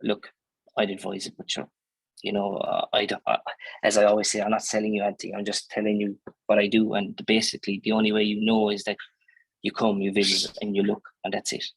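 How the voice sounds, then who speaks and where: A man's voice: fairly low pitch, monotone, fairly quick, gravelly, breathy edge, no room sound, low-quality recording. A man with an Irish accent, a dairy farmer answering interview questions in a chatty, plainspoken way, full of fillers and restarts. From Ireland.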